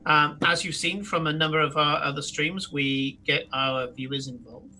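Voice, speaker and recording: A man's voice: fairly high pitch, little pitch movement, normal speed, bright, forceful tone. A man, game master of a live-streamed tabletop game, chatting loosely with many fillers and restarts. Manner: rambling, lots of fillers and restarts.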